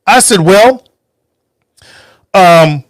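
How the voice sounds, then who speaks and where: Angry high-voiced man ranting, dry sound. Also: lively intonation, extremely slow, no room sound. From United States. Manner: heated, profane, emphatic ranting. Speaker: podcast host. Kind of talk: angry political monologue.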